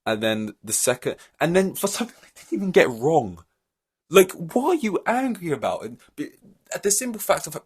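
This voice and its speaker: A man's voice: mid-range voice, breathy edge. A man hosting a solo podcast, ranting in an exasperated, rambling way with many fillers and restarts. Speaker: podcast host.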